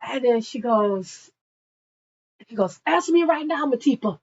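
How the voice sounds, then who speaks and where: Woman playing a jealous man, insistent and demanding, slow, lo-fi. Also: mid-range voice, expressive, breathy edge.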